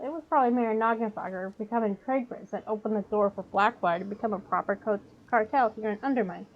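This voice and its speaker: Woman playing an old goblin fixer with a put-on New York accent, gossipy and sly, a touch high, slightly muffled sound. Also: natural voice. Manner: gossipy, conspiratorial, folksy.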